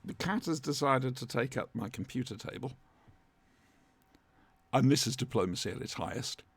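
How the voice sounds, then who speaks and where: A man's voice: medium pitch, animated, moderate pace, creaky, breathy edge, no echo. A man with a chatty, wry manner, co-hosting a casual watch-along commentary from home. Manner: chatty, wry, fond asides. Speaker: podcast co-host watching along. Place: home room, dry sound.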